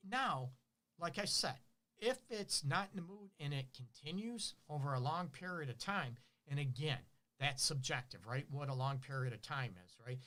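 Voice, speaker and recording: Animated male relationship counselor. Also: fairly high pitch, normal speed. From Detroit. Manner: animated, asks rhetorical questions, acts out partners' lines. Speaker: relationship counselor hosting a show. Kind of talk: casual advice monologue.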